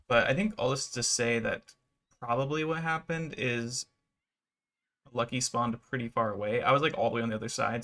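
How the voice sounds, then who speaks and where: A man giving relaxed, rambling commentary over his gameplay, with many fillers. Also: medium pitch, creaky. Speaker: gaming YouTuber.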